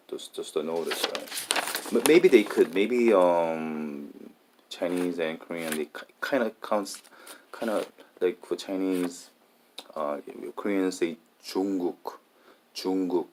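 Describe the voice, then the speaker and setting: A man in a casual monologue, talking haltingly and often restarting and repeating his words. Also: low voice, lively intonation, background noise.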